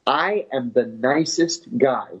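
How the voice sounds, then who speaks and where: A man telling his story in an interview in a steady, matter-of-fact way. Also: medium pitch, takes it slowly, slightly rough. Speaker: former intelligence officer telling his story. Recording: dull lo-fi audio.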